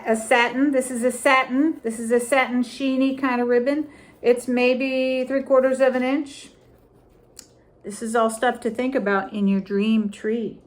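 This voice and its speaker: A middle-aged woman with a high voice walks through a craft tutorial at an unhurried pace. She talks casually and deliberately, repeating phrases as she holds up ribbons and ornaments. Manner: slow, deliberate, repeats phrases while showing items. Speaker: crafting vlogger.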